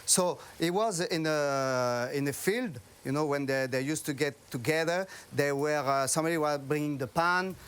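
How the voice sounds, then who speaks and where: French-accented man chef, halting English. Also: a little high, fairly bright tone, clear, resonant tone. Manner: halting, searching for English words. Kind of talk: cooking demonstration chat.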